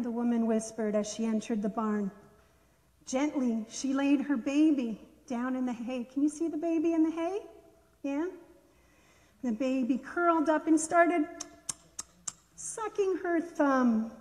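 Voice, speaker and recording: A woman gently and expressively reading a children's story aloud in a church worship service. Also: sits high, a little slow, long reverb tail.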